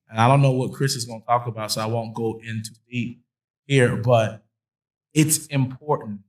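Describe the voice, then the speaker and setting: Male host at a conference, middle pitch; preaching cadence, repeats lines for emphasis, jokes with the crowd. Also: rough recording. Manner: emphatic, repeats phrases for stress, playful asides. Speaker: host introducing a guest speaker. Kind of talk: preaching-style conference talk. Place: conference hall with an audience.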